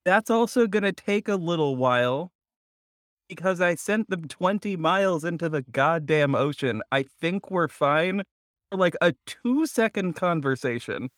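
A man's voice: a little high, animated, measured pace, no room sound, studio quality. A man playing a tabletop game, talking bluntly with some swearing. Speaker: player.

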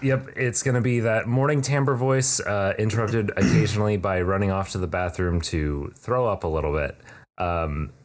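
A man's voice: fairly low pitch, fairly even intonation, normal speed. A man hosting a podcast in casual chat, rambling and joking with plenty of fillers. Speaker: podcast host. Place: room.

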